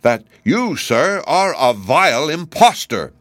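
A man voicing a quick-tempered tin soldier with a harsh, indignant way of speaking. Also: on the high side, expressive, fairly bright tone, no echo, voice pushed up.

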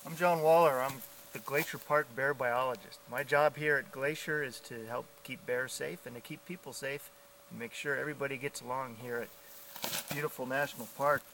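A middle-aged man with a bright, forceful voice gives calm, clear safety instruction outdoors on a trail. He speaks as a park biologist teaching hikers, and a faint outdoor ambience sits behind him. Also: mid-range voice, moderate pace, slight background noise, poor audio.

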